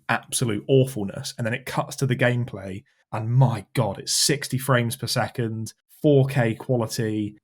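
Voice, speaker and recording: A man hosting a gaming podcast, talking enthusiastically in casual chat, sometimes in quick bursts. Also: mid-range voice. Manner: enthusiastic, rapid bursts of chatter. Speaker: podcast host.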